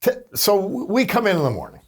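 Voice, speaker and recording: A man's voice: high voice, huge pitch swings, fairly quick, husky. Chatty male talk show host. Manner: prompting, chatty questions. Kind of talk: casual interview.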